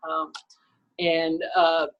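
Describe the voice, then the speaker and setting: A woman's voice: low-pitched, very slow, lo-fi sound. A woman photographer, a guest on an interview show, telling a story casually with frequent laughs and acted-out quotes. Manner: lively storyteller, laughs often, acts out quoted lines; frequent "you know" and "okay" fillers.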